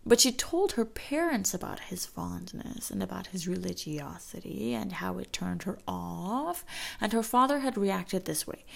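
A woman telling a personal story in an intimate way, slowing down and dropping into whispers for emphasis. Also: mid-range voice, expressive, gravelly. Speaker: storyteller and teacher. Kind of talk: storytelling narration.

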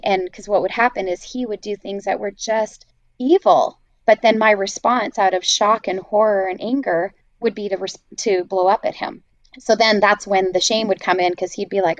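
A woman's voice: mid-range voice, fairly even intonation, normal speed, no room sound, lo-fi sound. A woman sharing her own story of healing in a candid, reflective way, with plenty of fillers. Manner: earnest, reflective, many fillers. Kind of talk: candid faith testimony.

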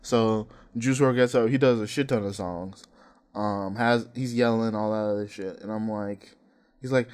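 Animated young man telling a story. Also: moderate pace. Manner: animated, laughing, acts out quotes with sudden pitch jumps. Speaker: podcast co-host. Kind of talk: casual storytelling chat.

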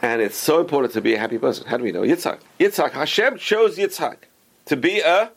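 A man teaching a religious class as a rabbi, animated and full of rhetorical questions to his students. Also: on the high side, fast talker, breathy edge.

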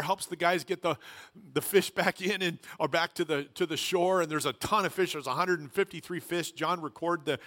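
Bright high-voiced male preacher. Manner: emphatic, rises in pitch and volume for emphasis. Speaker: pastor. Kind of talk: sermon.

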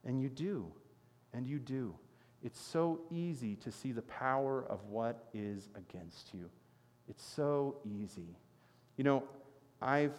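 Male pastor, mid-pitched, preaching with big swings between loud and hushed, long hall reverb. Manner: swings from loud emphatic preaching to quiet earnest talk. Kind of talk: sermon.

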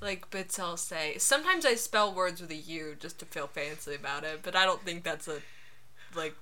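A woman's voice: on the low side, expressive, normal speed, bright, forceful tone, soft background music. A woman co-hosting a podcast in casual chat, rambling and laughing often. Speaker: podcast co-host.

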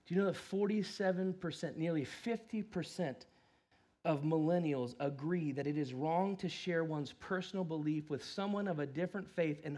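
Man preaching, high voice, forties, hushed to emphatic, acts out voices. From United States. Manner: swings from hushed to loud and emphatic; acts out voices in his stories. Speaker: pastor. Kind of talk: sermon.

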